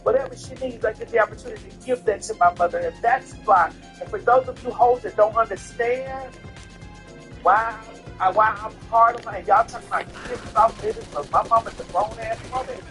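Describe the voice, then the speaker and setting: A man's voice: sits high, a little fast, fairly bright tone, soft background music. A tipsy man telling a personal story in a casual way, emphatic, repetitive and profane.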